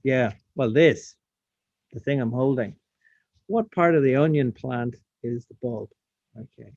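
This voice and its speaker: A man teaches a science lesson on a video call, casual in manner and asking questions as he works through a hands-on demonstration. His voice sits at a middle pitch. The sound is dull and lo-fi and close and dry, from a webcam mic. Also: unhurried, creaky, a little mellow, no room sound. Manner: casual, talks while demonstrating, asks the class questions.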